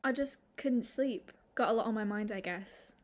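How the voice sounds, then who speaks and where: A woman reading the part of a nervous, confused young man in love, in a halting way, from fan fiction. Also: mid-range voice, a little mellow, close to an everyday voice. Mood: weary.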